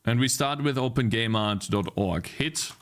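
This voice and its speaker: A man talks through his work on a live stream in a casual, mid-pitched voice. He grows exasperated and rants with plenty of swearing. He reads viewers' chat messages aloud and answers them. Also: normal speed. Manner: exasperated, ranting, swearing often. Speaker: game developer streaming live.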